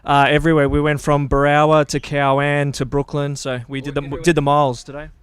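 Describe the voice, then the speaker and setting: A man, a tournament angler, answering the host's questions in a relaxed, slightly halting way. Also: fairly high pitch. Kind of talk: casual interview answers.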